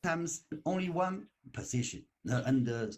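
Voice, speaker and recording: A man in his sixties, retired, speaking simple, halting non-native English with many fillers in a casual practice conversation. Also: a little high, expressive, darkish tone.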